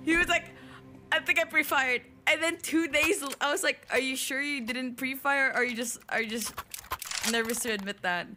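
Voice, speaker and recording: A woman's voice: high voice, steady tone, brisk, over music. A woman streamer chatting casually and crudely during a gaming stream, breaking into shrieking laughs.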